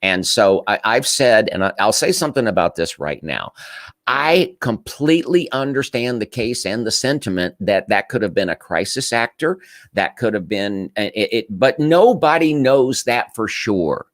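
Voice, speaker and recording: A man's voice: lowish voice, big pitch swings, moderate pace, no room sound. A man giving casual, emphatic political commentary, often restarting his sentences and repeating his points. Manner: emphatic, repetitive, frequent restarts.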